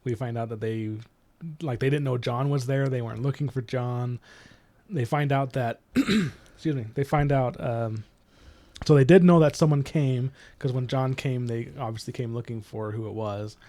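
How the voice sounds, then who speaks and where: A man's voice: mid-range voice, moderate pace, warm tone, no room sound. A man co-hosting a casual book discussion podcast, laughing often and acting out characters' lines. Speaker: podcast co-host.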